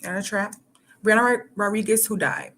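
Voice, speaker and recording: A woman's voice: medium pitch, a bit bright. A woman from Michigan reads a news article aloud for her channel, stopping often to comment. Her talk is loose and chatty, full of "like" and "you know.". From Michigan, United States. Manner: halting reading broken by chatty asides full of "like". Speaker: host.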